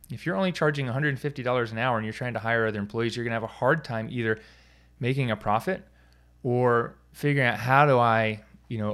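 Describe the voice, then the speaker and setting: A man's voice: medium pitch, a bit bright. A man from the US East Coast, a physical therapy business coach, talking casually to listeners with many fillers and restarts. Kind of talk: casual podcast talk.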